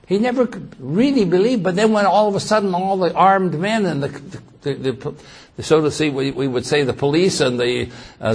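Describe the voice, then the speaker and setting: A man preaching a sermon, slow and emphatic, who reads scripture aloud and grows louder when quoting it. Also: high voice, lively intonation, husky.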